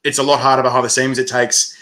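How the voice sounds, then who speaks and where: A man organizing a chili eating competition, chatting excitedly in an interview, laughing and swearing casually. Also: medium pitch, fast, a little hiss or hum. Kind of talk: animated interview chat.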